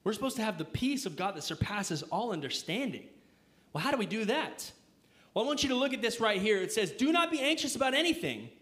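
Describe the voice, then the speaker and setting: A man's voice: high voice, expressive, a little fast, a bit bright. A young man preaching a casual, conversational sermon, full of fillers and rhetorical questions to his listeners. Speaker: pastor.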